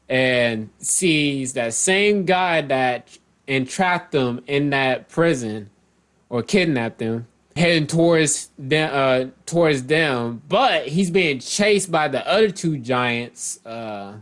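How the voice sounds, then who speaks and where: This male manga reviewer has a fairly high-pitched, fairly bright voice. He loosely recaps and comments on the chapter, rambling, correcting himself partway through sentences, and voicing the characters' lines.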